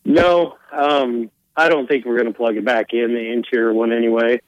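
A man, a guest on a morning radio show, talking hesitantly with many pauses and fillers. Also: mid-range voice, fairly even intonation, no echo, lo-fi sound. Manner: hesitant, lots of ums. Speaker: guest caller. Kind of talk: phone-in interview.

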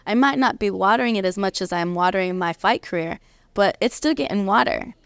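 Smooth-voiced woman, earnest and reflective. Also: medium pitch, a little fast, no echo. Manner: earnest, reflective, many restarts. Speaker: guest, professional fighter. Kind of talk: conversational interview. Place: convention interview.

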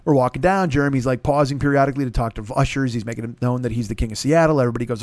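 A man's voice: medium pitch, very fast, hardly any pauses, darkish tone, no echo. Profane rambling storyteller man, dry sound. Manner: profane, rambling, self-mocking. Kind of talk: casual storytelling.

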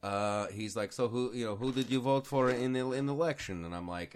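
A man's voice: mid-range voice, brisk, smooth. A man hosting a casual political talk show, joking and acting out quoted people with bursts of laughter. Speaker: podcast host.

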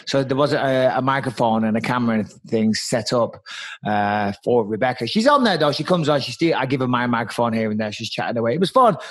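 A man co-hosting a podcast, talking in a blunt, sweary and animated way. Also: medium pitch, fairly quick. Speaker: podcast co-host. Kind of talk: casual podcast chat.

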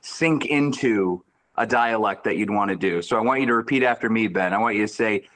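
A comedian guest in a casual comedic chat, jokey and rambling with frequent restarts. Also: male voice, on the low side, brisk, a bit bright.

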